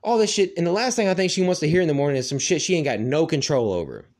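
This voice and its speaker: A man's voice: on the high side, lively intonation, very fast, darkish tone. A man in a casual ranting monologue, swearing freely and rambling with lots of "like" fillers. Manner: profane, rambling, heavy "like" fillers.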